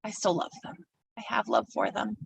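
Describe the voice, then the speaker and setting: A woman's voice: medium pitch, steady tone, moderate pace, gravelly, far from the mic, a little hiss or hum, low-quality recording. A woman delivering a sermon from a pulpit, reflective and personal, speaking her feelings aloud as she works through them. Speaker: minister.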